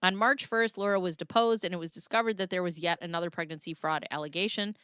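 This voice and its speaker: Bright, crisp-voiced woman streamer. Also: fairly low pitch, fairly even intonation, quick pace, no room sound, clean studio sound. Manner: chatty, jokey, reads legal text aloud with asides. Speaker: commentary streamer reading court documents. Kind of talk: casual live-stream commentary.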